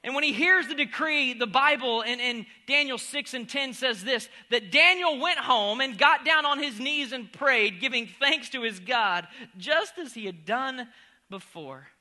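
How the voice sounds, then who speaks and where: A pastor preaching a humorous sermon, swinging from loud exclamations to near-whispers. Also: male voice, extremely high pitch, expressive, a little slow.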